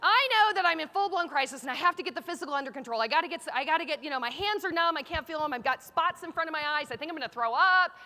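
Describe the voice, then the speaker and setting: Middle-aged woman, keynote speaker, very high voice, animated storytelling, panicked self-talk acted out, loud bursts and hushed asides, stage mic. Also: rapid-fire, hardly any pauses. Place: conference stage.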